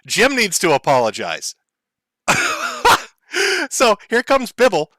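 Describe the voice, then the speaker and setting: Guy streamer ranting and mocking, high sharp voice, laughs a lot, dry sound. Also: huge pitch swings, takes it slowly, no room sound. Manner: mocking, crude, laughs often. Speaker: streamer host. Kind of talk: profane comedic commentary.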